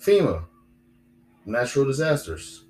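A man's voice: mid-range voice, big pitch swings, a little slow, a little mellow, slight background noise, low-quality recording. A young man hosting a solo podcast, rambling and repeating himself with lots of fillers. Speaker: podcast host.

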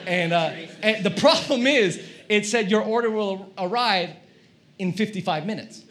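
A male pastor preaching a sermon, telling a comic story in an animated way and acting out his own shouting. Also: high-pitched, measured pace, a little hiss or hum. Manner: animated, acts out quoted shouting.

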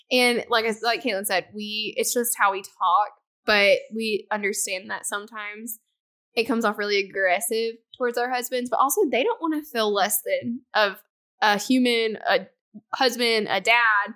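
A woman's voice: on the high side, moderate pace. A young adult woman co-hosting a podcast, chatting casually and acting out quoted exchanges with animation. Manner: animated, acts out quoted exchanges with her husband. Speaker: podcast co-host. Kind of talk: casual chat.

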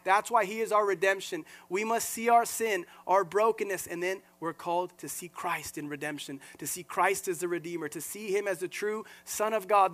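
High-voiced male pastor preaching earnestly. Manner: earnest, animated preaching with repeated words and restarts; acts out quoted voices mid-sermon. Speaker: lead pastor. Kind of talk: sermon.

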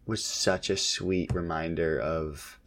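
A man in his thirties, a podcast co-host, casually chatting about his kids in a relaxed, rambling way with lots of fillers. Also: low voice, takes it slowly. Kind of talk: casual chat about family.

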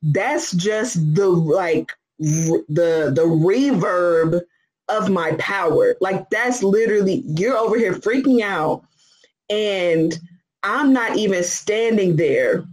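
A person casually retelling a Bible story in slangy, animated chat with lots of "like". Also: medium pitch, takes it slowly, poor audio.

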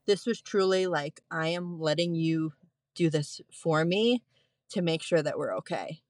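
A woman in her thirties, a postpartum nurse, telling a candid personal story as a podcast guest, animated and laughing often. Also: low-pitched, a little slow, no room sound.

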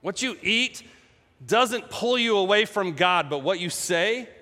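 High-voiced male preacher, echoey hall. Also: measured pace. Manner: casual, humorous, animated. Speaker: pastor. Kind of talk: sermon.

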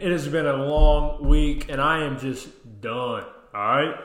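A man's voice: a little high, steady tone, moderate pace, hardly any pauses, a bit bright. A man co-hosting a church podcast, talking in a hyper, jokey way, wired on caffeine. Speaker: podcast co-host. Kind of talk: casual chat. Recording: very echoey room.

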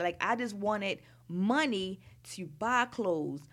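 Woman, candid personal storytelling, casual fillers, mid-pitched voice. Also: expressive, unhurried, few pauses. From Baltimore, Maryland. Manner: frank, conversational, heavy use of "like" and "you know". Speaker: storyteller recounting her youth.

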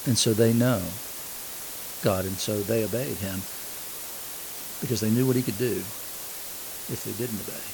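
A man's voice: fairly low pitch, fairly even intonation, moderate pace, creaky, pauses often, noisy background. A man preaching a sermon. He reads scripture aloud, explains it, and puts questions to his listeners. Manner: asks the congregation questions.

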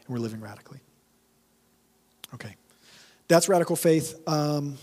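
A man preaching to his church in a loose, conversational way, hammering points home through repetition. His voice sits a little high for a man. The sound carries a long reverb, as in a large hall. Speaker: pastor. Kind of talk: sermon.

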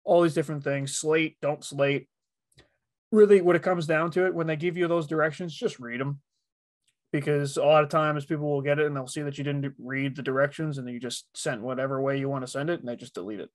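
A man's voice: on the high side, brisk, no room sound. A man who works as a voice actor talking casually on a podcast, rambling a little with lots of fillers. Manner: relaxed, rambling, many fillers. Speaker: voice actor guest.

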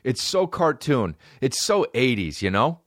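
A young man hosts a podcast, telling rambling, profane comic stories packed with fillers and frequent laughter. His voice sits at a medium pitch with big swings, his pace is unhurried, and the clean studio recording is dry with no echo.

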